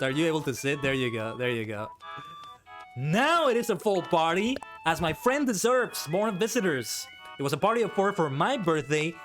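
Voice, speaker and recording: A man streaming and chatting casually, animated and exclaiming, often correcting himself mid-sentence. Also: on the high side. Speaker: VTuber streamer. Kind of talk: casual stream chat and reactions.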